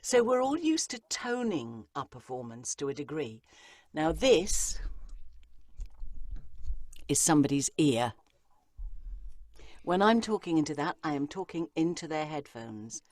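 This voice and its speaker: A middle-aged English acting coach, interviewed on a podcast, explains her work and slips into playful voices to make her points. She speaks in a low, somewhat mellow, sing-song voice at normal speed with few pauses, and there's no echo.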